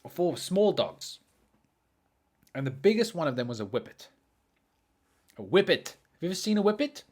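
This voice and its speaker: A man hosting a podcast who tells a story casually and animatedly, jumping from loud excited bursts to quiet muttering. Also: on the high side, normal speed. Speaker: podcast host.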